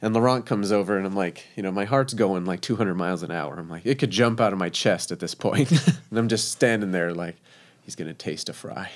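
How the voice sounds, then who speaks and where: A man's voice: on the low side, brisk, hardly any pauses. A man, a professional chef from Texas, telling stories in a casual interview, chatty and laughing, with many fillers.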